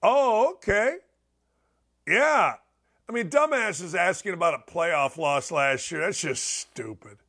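A man hosting a sports podcast, ranting opinions on football with blunt, loud outbursts. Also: high voice, takes it slowly. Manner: loud, animated, ranting, swings into shouts.

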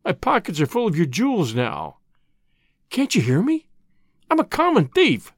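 A man's voice: sits high, wildly swooping pitch, normal speed, dry recording, clean studio sound, exaggerated voice. A man voicing an anguished young man, a prodigal son, speaking thickly and brokenly with guilt.

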